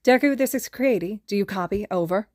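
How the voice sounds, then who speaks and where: A woman's voice: medium pitch, brisk, a little mellow, no room sound, natural voice. Podfic: woman plays urgent male field commander on the comm, dry close recording. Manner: urgent, clipped radio talk. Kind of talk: podfic character reading.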